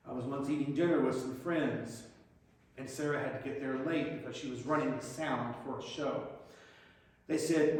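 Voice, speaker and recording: A man giving a plainspoken, direct personal reflection to a congregation. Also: mid-range voice. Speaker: lay speaker giving a reflection. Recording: very echoey hall, mic far off.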